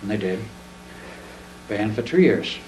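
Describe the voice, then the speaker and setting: A man's voice: fairly low pitch, lively intonation, unhurried, a little mellow. An older man speaking plainly to an audience, recounting a story in a folksy manner and slipping into other people's voices for quotes. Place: presentation room. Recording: echoey room, distant mic, faint noise.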